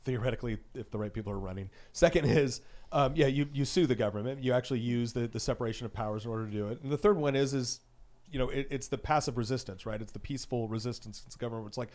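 A man's voice: medium pitch, rapid-fire, a little mellow. A male guest on a political talk show, making earnest arguments in casual panel discussion.

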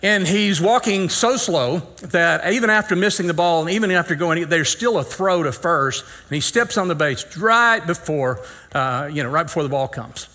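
Pastor guy, bright higher voice, folksy storytelling, acts out the dialogue. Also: expressive, moderate pace. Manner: folksy, acts out dialogue, self-deprecating humor. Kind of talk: sermon storytelling.

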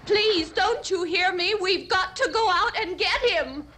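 Brief: shaken young woman in an old horror film, high voice, slow halting delivery, loud crickets in the night. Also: slight background noise, exaggerated voice. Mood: hysterical. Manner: halting, dazed recollection rising to sobbing screams. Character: terrified young woman in shock, rambling.

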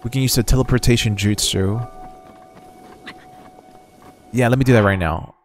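A young man giving casual, excitable gameplay commentary as a streamer, chatty and slangy, reading game text aloud. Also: mid-range voice, normal speed, long pauses, a little hiss or hum. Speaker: gaming streamer.

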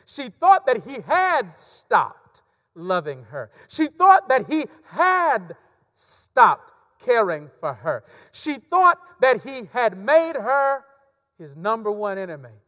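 A man preaching a sermon as a pastor, emphatic and repeating key phrases, swinging between loud stresses and hushed drops. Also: very high-pitched, very animated, takes it slowly. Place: church sanctuary. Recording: long church reverb.

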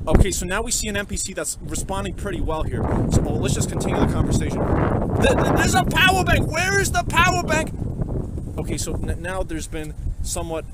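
A man with a slightly high voice narrates a fake game demonstration in a rambling, deadpan way, with many fillers. He records himself on a phone outdoors, over heavy city traffic noise. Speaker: streamer. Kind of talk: mock game-demo presentation. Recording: loud street noise outdoors.

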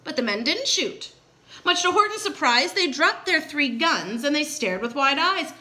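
A woman teacher reading a children's picture book aloud in an expressive, animated way. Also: high-pitched, moderate pace. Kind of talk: read-aloud storytelling.

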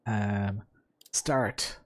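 A man with a fairly low voice, fairly even intonation, and drawn-out words streams a rally sim live. He rambles in a chatty way to his viewers, using lots of fillers and asides to chat.

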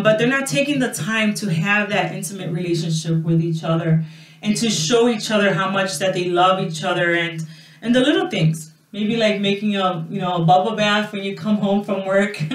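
A woman's voice: mid-range voice, moderate pace, recorded from a distance. A woman pastor hosting a radio talk, speaking earnestly and often saying 'praise God'. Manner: earnest, sprinkles 'you know' and 'praise God'. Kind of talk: casual preaching talk. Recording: roomy sound, away from the mic.

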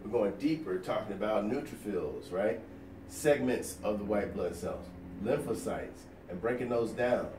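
Man, nursing lecture, playful, rhetorical questions, lowish voice, echoey room, faint background hum. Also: a little slow, far from the mic. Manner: energetic, quizzing with rhetorical questions; folksy and playful. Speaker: nursing educator. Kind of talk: recorded lecture over slides.

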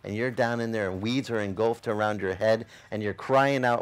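A man's voice: lowish voice, normal speed, few pauses, smooth. A male pastor preaching a sermon in a casual, joking way, full of rhetorical questions to the congregation.

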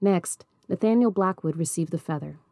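A woman reading a novel aloud in a measured, even storybook narration. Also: on the low side, no room sound, clean studio sound. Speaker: audiobook reader.

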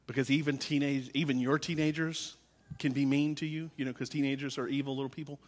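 Impassioned pastor preaching in an echoing church. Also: male voice, medium pitch, little pitch movement, fast. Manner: swings from quiet confiding to loud impassioned preaching. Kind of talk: sermon. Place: church sanctuary. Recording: long reverb of a church hall.

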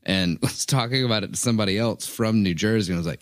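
A man from the US South, telling an anecdote on a casual podcast in an animated way and jumping up in pitch to quote people. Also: quick pace, hardly any pauses, no echo, studio quality. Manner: animated storyteller, jumps up in pitch when quoting people. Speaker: podcast guest or co-host.

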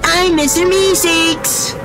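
A man doing a squeaky Mister Meeseeks. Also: flat delivery, slow, background noise, heavily acted. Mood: eager. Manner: cheery catchphrase delivery. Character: eager high-pitched blue male cartoon helper creature.

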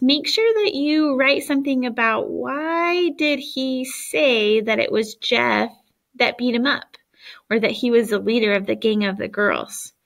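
Teacher lady reading a kids novel to class, bright tone, bit of vocal fry. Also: on the high side. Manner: clear storybook narration, casual asides.

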